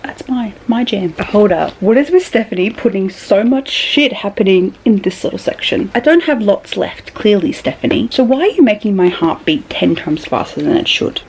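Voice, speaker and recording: Chatty, gravelly-voiced woman. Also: medium pitch, normal speed, few pauses, a little hiss or hum, poor audio. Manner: chatty, swears freely, swings between murmuring and excited squeals. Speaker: book vlogger. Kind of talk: casual reading vlog chat. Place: bedroom.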